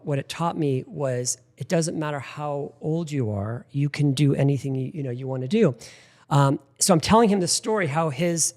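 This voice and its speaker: A middle-aged man hosting a talk show, telling personal stories in a lively, anecdotal way with lots of "like" fillers. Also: a little high. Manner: animated anecdotal storyteller with frequent "like". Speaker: podcast host. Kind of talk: casual interview storytelling.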